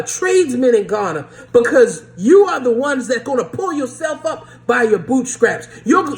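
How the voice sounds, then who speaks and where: A vlogger giving an impassioned rant to camera, urgent and repetitive, often stumbling over repeated words and laughing through the lines. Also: high voice.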